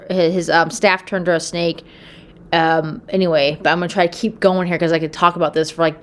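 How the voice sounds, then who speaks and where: A woman casually retelling a Bible story on her channel. She rambles, with lots of fillers and a tag question of "okay?". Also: on the low side. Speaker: Bible video host.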